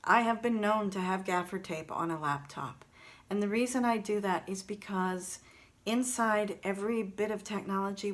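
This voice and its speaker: A woman talking earnestly and reflectively straight to her viewers in a gratitude vlog, recorded on her phone camera. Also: medium pitch. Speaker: vlogger.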